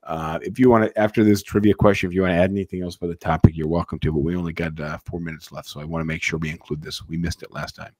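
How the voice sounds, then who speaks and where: Male podcast host, very low pitch, dry close sound, rambling and profane, stumbles and restarts. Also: flat delivery, racing, few pauses, a little mellow, no room sound. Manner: rambling, profane, repeats words when starting. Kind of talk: casual chat.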